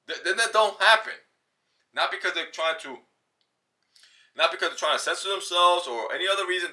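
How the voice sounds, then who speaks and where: A man with a thick New York accent riffs to camera in loose, slang-heavy street talk. His voice sits a little high and sounds very bright and forceful. He talks in animated bursts, jumping into little impressions of other people. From New York City. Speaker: vlogger. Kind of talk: casual monologue to camera.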